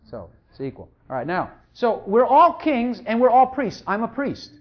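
A pastor preaching a sermon, emphatic and repetitive, hammering each point home and sometimes mumbling quietly while looking something up. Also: mid-range voice, very animated, normal speed. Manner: drops to quiet mumbling when searching for a verse. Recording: dull lo-fi recording.

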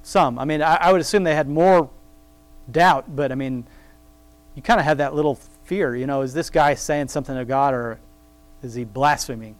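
A man reading scripture aloud slowly and then commenting on it in a loose, rambling, conversational way, laughing now and then at his own remarks. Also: medium pitch, no room sound. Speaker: Bible study teacher. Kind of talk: casual Bible reading and commentary.

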